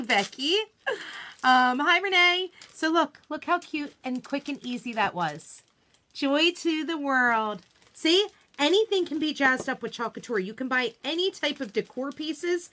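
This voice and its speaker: A woman hosting a relaxed live craft demonstration in a slightly high, bright, forceful voice. She is chatty and self-deprecating, greets viewers by name as she works, and laughs easily at her own mistakes. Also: measured pace, slight background noise. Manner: laughs easily and jokes about her slip-ups. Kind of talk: casual live-stream craft tutorial.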